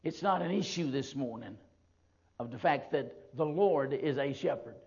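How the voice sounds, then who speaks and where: A man preaching a sermon, slow and emphatic, swinging from loud declarations to quiet reflection. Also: medium pitch, lively intonation, creaky, lo-fi sound. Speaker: pastor.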